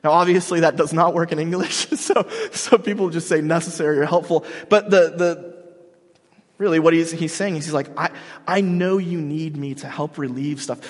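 A man with a fairly high, husky voice preaches a sermon in a hall with long reverb. He talks in an animated, emphatic way and stumbles into quick restarts as he builds his points. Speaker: pastor.

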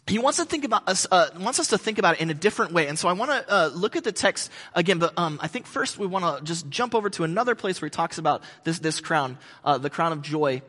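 A pastor preaching a sermon in a conversational way, with joking asides. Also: male voice, sits high, lively intonation, quick pace, hardly any pauses, fairly bright tone, in a large hall.

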